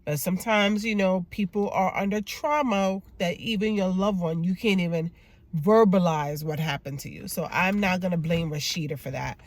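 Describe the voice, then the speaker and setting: A woman hosting a casual TV episode review, telling the story in an animated, chatty way and acting out the characters' lines. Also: fairly low pitch, normal speed, dry recording. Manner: chatty with repeated emphatic words. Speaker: YouTube TV recap host and clinician.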